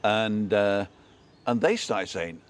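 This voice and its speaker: A man's voice: fairly low pitch, takes it slowly. A man who co-hosts a live show, telling rambling anecdotes in casual chat and checking in with tag questions.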